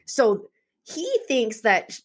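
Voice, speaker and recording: A woman co-hosting a podcast, talking in a casual, lively way. Her pitch swings widely as she retells a story and tosses in curse words. She talks like she is among friends. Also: extremely slow. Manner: animated, swearing, retelling plots with quoted voices. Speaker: podcast co-host. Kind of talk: casual chat recommending books.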